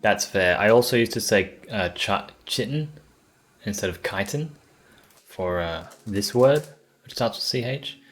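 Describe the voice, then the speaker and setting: A man's voice: lowish voice, a bit bright. Laid-back rambling male streamer. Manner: rambling, sounds out tricky words aloud; laid-back and swears casually. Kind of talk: casual live-stream chat and reading aloud.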